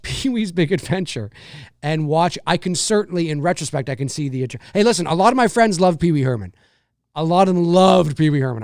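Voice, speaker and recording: This is a man hosting a live-streamed talk show, chatting off the cuff with viewers and reading their comments. His delivery is rambling, with frequent restarts, and his pitch moves a lot. The sound is dry and close. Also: clear, resonant tone, no room sound. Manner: rambling, many restarts and repeated phrases; drops into low, slow impressions and squeaky high mimicry.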